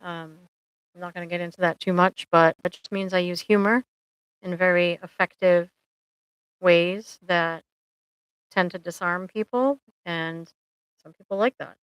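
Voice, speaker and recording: A woman's voice: fairly low pitch, fairly even intonation, measured pace, pauses often, clear, resonant tone, no room sound, rough recording. A middle-aged woman therapist chatting casually on a live stream, rambling and joking with lots of ums.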